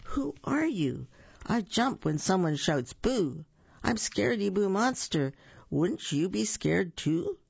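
Storyteller doing a scared little monster boy, high jumpy voice, husky, dull lo-fi recording. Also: sing-song, unhurried, no room sound, exaggerated voice. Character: timid little monster boy, easily frightened.

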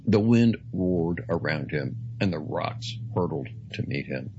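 A man reading a story aloud in a slow, deliberate, dramatic way. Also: low-pitched, animated, highs cut off, noisy background. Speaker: narrator. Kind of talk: audiobook reading.

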